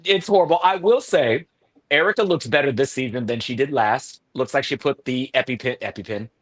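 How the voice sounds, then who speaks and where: A man's voice: medium pitch, a little fast, fairly bright tone. A man on a video-call review panel, blunt and sarcastic, laughing between remarks. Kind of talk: casual review chat.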